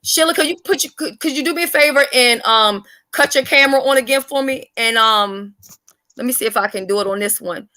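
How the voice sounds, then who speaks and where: A woman hosting a casual live-stream chat, blunt, profane and animated. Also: high voice, fairly quick. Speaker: livestream host.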